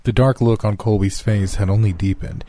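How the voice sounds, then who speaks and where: A man reads a horror story in a calm, even way. His voice sits low and mellow. The sound is dry and close. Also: normal speed, dry recording. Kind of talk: scripted horror narration.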